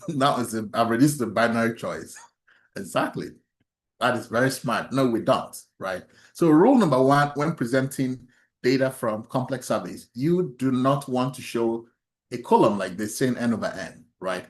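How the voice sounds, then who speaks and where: A male instructor lecturing an online statistics workshop. He asks his students questions, laughs softly, and often restarts his sentences. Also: mid-range voice, lively intonation, moderate pace, echoey room.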